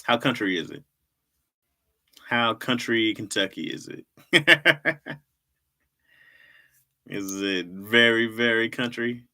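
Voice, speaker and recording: A man's voice: mid-range voice, slow pace, long pauses, bright, forceful tone. A man hosting a livestream, chatting casually with viewers in a laid-back, slangy way and laughing often. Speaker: livestream host and comedy writer.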